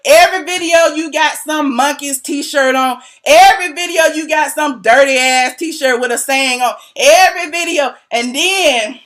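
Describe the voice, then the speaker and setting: A woman hosting a gossip commentary channel, talking to her viewers in a sassy, animated, teasing way and laughing often. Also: sits high, unhurried, hardly any pauses. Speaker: YouTube commentary host.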